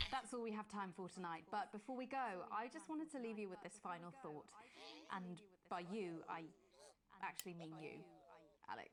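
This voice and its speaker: A woman's voice: fairly low pitch, close to an everyday voice. A woman playing Megan Wolf, unhinged posh newsreader. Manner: creepy confessional, drifting between hush and pleading outbursts. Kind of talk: video game voice acting.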